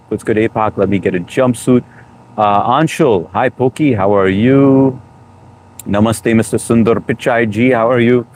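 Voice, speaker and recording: An American man hosts a casual live stream from a room at home in New York, joking around and greeting viewers by name as he reads out their comments. His voice is lowish, with a little hiss or hum on the recording.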